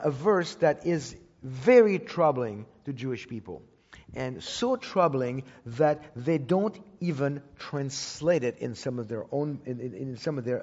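A man's voice: mid-range voice, darkish tone, husky. A man giving a sermon as a personal story, talking conversationally with frequent restarts and repeated words. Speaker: Bible teacher speaking to a congregation. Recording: dull recording with long hall reverb.

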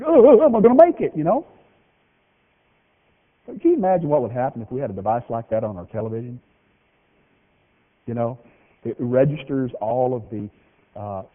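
A man preaching a folksy, joking sermon, with lively swings in pitch. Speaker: pastor. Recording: tinny phone-like radio broadcast of a hall.

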